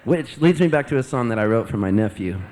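A man's voice: medium pitch, expressive, fast talker, over loud music. A male singer-songwriter on stage, telling a rambling, amused story between songs into a vocal mic.

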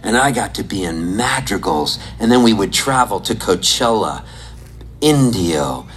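A man in his sixties from Southern California, telling animated, laughing, profane stories from his childhood in a casual way. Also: fairly low pitch, measured pace, low-quality recording. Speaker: storyteller. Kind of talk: casual storytelling.

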